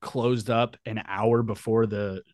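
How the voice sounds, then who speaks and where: A man talking as a podcast guest, swearing freely and telling animated stories in casual chat. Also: fairly low pitch, slow, no echo. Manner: profane, animated storyteller.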